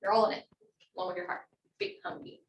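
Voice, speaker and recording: A woman's voice: fairly quick, roomy sound, distant mic, muffled recording. A woman teaching a language class online, upbeat and encouraging as she models words for students to repeat.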